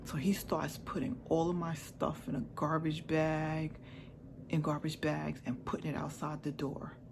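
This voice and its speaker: A woman's voice: low-pitched, little pitch movement, unhurried, gravelly, background noise. A woman vlogger candidly telling a personal story in a chatty, repetitive way. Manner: candid, chatty, repeats herself.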